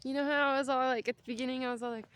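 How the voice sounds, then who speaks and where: A woman's voice: high voice, fairly even intonation, rapid-fire, fairly bright tone, clean tone. A young adult woman vlogging outdoors on a cold winter walk, talking in a rambling, chatty way with jokey asides. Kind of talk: casual walking vlog.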